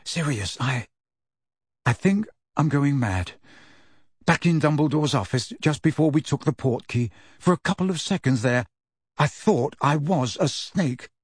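A man reading an audiobook, voicing an anxious teenage boy who speaks in a hushed, uneasy voice. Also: a little high, animated, measured pace, husky, dry recording, clean studio sound. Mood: frightened hushed. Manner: hushed, near whisper, uneasy.

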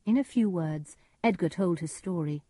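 Woman storybook narrator, dark husky voice, measured, dry sound. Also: fairly low pitch, dry recording. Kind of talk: storybook narration of a simplified classic.

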